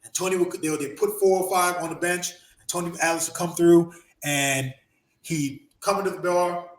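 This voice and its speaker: Animated storytelling man, roomy echo. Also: a little high, normal speed, slight background noise. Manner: animated, profane, laughs often, acts out quotes. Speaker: podcast host and former wrestler. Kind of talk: casual storytelling chat.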